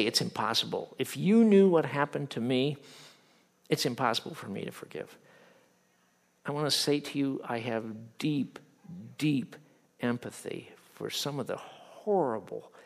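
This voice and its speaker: A middle-aged man preaching a sermon as pastor, animated, swinging from loud acted quotes to hushed earnest tones. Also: medium pitch, creaky.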